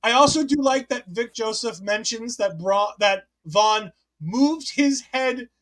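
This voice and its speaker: Male podcast host, high voice, loose chatty recap delivery with frequent self-corrections. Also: expressive, a little slow, fairly bright tone. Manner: chatty, self-correcting, reads listener comments aloud. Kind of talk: casual wrestling recap chat.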